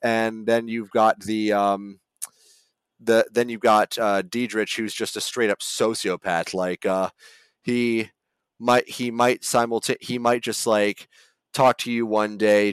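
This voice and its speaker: A male voice actor talks casually as a podcast guest. His voice is low and smooth, recorded dry and close. He rambles in a relaxed way, with plenty of fillers along the way. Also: a little slow, no echo.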